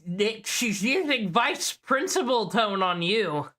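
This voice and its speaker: A woman's voice: medium pitch, expressive, slow pace, fairly bright tone. A woman streamer reacting to drama clips in blunt, profane, sarcastic casual commentary.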